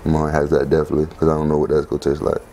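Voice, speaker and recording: A man hosting a home cooking video, talking casually and lively as he walks through each step. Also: rapid-fire, a little hiss or hum. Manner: chatty, lively, punctuates steps with "boom".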